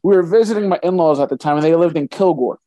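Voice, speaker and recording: A man's voice: on the high side, quick pace, no echo. Man telling a crude story, dry sound. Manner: profane, animated, acts out dialogue. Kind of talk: casual chat, storytelling.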